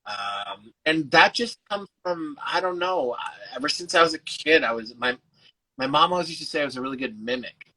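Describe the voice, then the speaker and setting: A man's voice: fairly high pitch, animated, moderate pace, bright, forceful tone, rough recording. A man, an actor guest, chatting casually over a video call, loose and full of fillers and restarts, with the odd swear. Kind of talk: casual chat.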